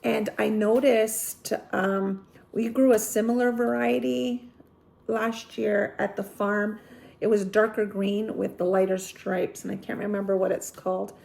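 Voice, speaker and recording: A woman from southern Italy talks through a seed haul in a loose, chatty way, often stopping to correct herself or fill gaps with an um. Her voice carries a steady gravelly fry at a middling pitch. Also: a little slow. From Apulia, Italy. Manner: chatty, rambling, self-correcting with frequent ums. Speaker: gardening vlogger. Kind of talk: casual seed-haul show-and-tell.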